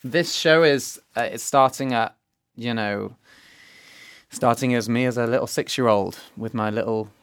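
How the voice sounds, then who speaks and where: A man's voice: medium pitch, clean tone. A young man with an English accent, a musical theatre performer telling stories in a casual interview. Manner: animated storyteller, quick bursts of laughter. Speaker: musical theatre actor and pianist.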